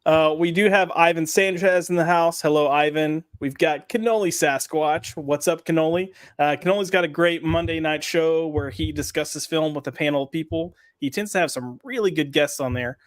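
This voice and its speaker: A man's voice: on the high side, moderate pace, hardly any pauses, no room sound. Jokey male podcast host, dry sound. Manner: joking, reads chat names aloud. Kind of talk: casual chat.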